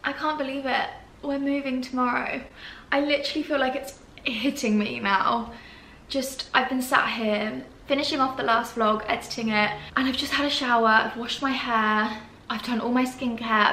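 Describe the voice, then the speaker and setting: A lifestyle vlogger in her twenties gushes tearfully and emotionally in a reflective chat from her empty flat at home. Her voice is a little high, soft and breathy at a normal speed, and the room is echoey with a faint hum.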